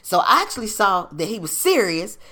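A woman's voice: medium pitch, big pitch swings, fairly quick, bright, forceful tone. A woman hosting a podcast, telling a personal story in casual, slangy, profane talk full of rhetorical questions. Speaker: podcast host.

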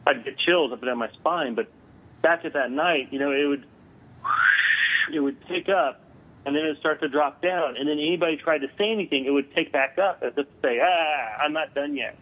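A man, a guest on an interview, telling a story over the phone, halting with many filler sounds. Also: a little high. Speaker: guest paranormal investigator. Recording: tinny phone line.

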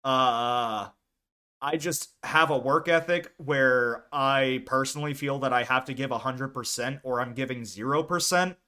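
A man's voice: medium pitch, measured pace, sharp tone. A young American man co-hosting a casual podcast, chatting in a laid-back, rambling way and laughing often. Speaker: podcast co-host. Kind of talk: casual chat.

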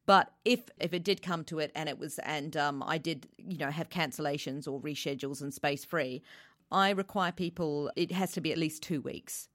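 Low-voiced woman giving practical advice. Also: moderate pace, a bit bright, no room sound, clean studio sound. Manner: chatty, with many restarts and fillers. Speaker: voice reel producer. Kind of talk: casual interview talk.

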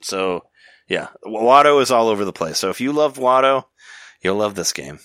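This podcast host talks casually at normal speed, wandering through topics with lots of restarts and quick laughs. His lowish, fairly bright voice has lively intonation, and the studio sound is clean and echo-free.

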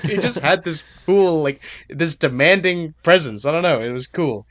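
A man's voice: fairly high pitch, lively intonation, measured pace, a bit bright. A man co-hosting a podcast, rambling in casual chat with lots of "like"s. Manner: rambling, full of fillers and laughs. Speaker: podcast co-host.

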